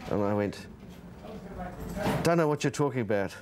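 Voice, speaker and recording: A man's voice: fairly low pitch, animated, normal speed, noisy background. Chuckling New Zealand man telling pub stories. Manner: chuckling, brash storyteller. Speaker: interviewee, former tabloid consumer reporter. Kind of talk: casual anecdotal interview.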